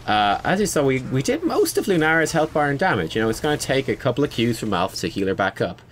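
A man's voice: medium pitch, sing-song, quick pace, slight background noise. Chatty male gameplay commentator. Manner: conversational, frequent fillers, self-critical. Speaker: gaming video creator.

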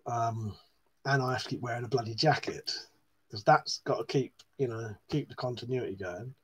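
A man's voice: mid-range voice, normal speed, breathy edge. A man hosting a live stream, reading viewers' comments aloud in a casual, chatty way, swearing often and laughing at himself.

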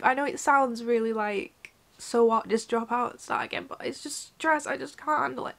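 A young woman vents straight into her camera from a room at home, her voice sitting a little high. She rambles and swears freely, sounding upset and close to tears. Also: fairly bright tone. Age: young adult. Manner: frank, rambling, swears often. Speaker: vlogger. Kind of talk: candid talk to camera. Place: indoors at her mother's home.

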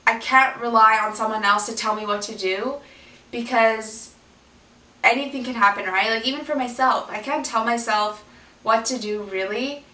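A woman's voice: fairly high pitch, normal speed, bright, forceful tone, distant mic. Candid young woman vlogging in echoey room. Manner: candid, rambling, addresses viewers as guys. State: left side of face numb, drooling. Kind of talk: personal vlog.

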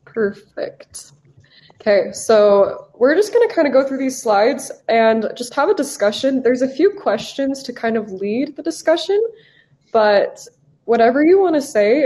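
A woman's voice: on the high side, a little mellow. A young woman in her twenties from the United States, an English teacher leading a live online class, upbeat and encouraging with casual fillers, heard over a video call.

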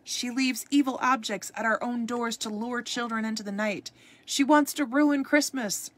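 A woman shouting as an angry village mob. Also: on the high side, moderate pace, voice pushed up, close to an everyday voice. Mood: furious. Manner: shouting accusations.

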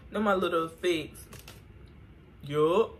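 Slow-talking young woman vlogger, slangy. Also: sits high, a little mellow, a little hiss or hum. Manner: slangy, sings snippets while doing makeup. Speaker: beauty vlogger. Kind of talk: casual get-ready-with-me chat.

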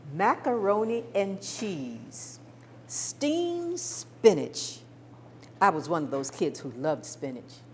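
An older woman telling a personal story from her childhood, expressive and with small stammers. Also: sits low, slight background noise. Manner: expressive, warm-toned recounting with small stammers.

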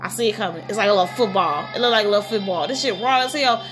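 A woman hosting a reaction video, commenting in a blunt, profane, casual way with loud exclamations. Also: mid-range voice, racing, over music. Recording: noisy home recording.

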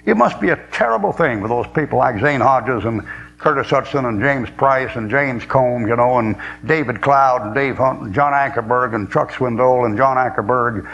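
Man, preacher, sermon, blunt, folksy, sarcastic, slow weighty scripture quotes, faint hum behind. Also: medium pitch, vocal fry, a bit bright, lo-fi sound.

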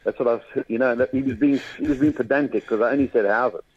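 Husky South African man telling funny stories. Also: medium pitch, dry recording. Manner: lively storyteller with quick bursts of mimicry. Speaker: comedian guest. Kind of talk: casual interview chat. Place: radio studio. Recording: dull radio studio sound.

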